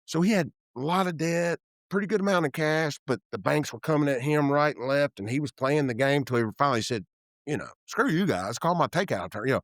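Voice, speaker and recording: Speaking fairly quickly in a higher-pitched voice, this interview guest is a real estate developer from Tennessee in his fifties. He's an animated storyteller, voicing quoted dialogue and frequently breaking off to start over. The office-room audio has no echo and a clean studio quality.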